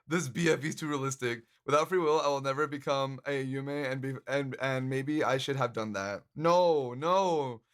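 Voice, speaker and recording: A man's voice: medium pitch, moderate pace. A man streamer chatting casually with his live audience, joking, laughing often and swearing freely. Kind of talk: casual livestream chat. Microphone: handcam stream mic.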